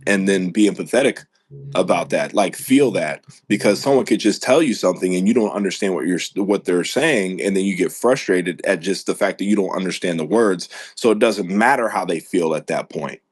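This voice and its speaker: Male American podcast host, very deep, dry close sound, loose rambling chat with frequent laughs. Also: no echo. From United States. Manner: rambling, laughs often, restarts sentences.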